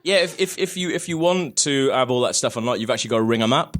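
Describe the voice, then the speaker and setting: A man's voice: mid-range voice, animated, fast. A man from Wales hosting a live comedy podcast on stage, telling a story in a sweary, laughing, self-mocking way. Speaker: podcast host. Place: live stage in front of an audience.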